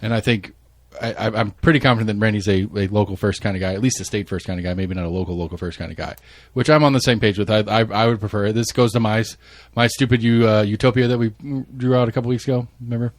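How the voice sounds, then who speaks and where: A man's voice: fairly low pitch, fairly even intonation, dry recording. A man hosting a casual political podcast chat, talking over others and restarting sentences. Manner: fast, restarts often, cuts in. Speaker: podcast host.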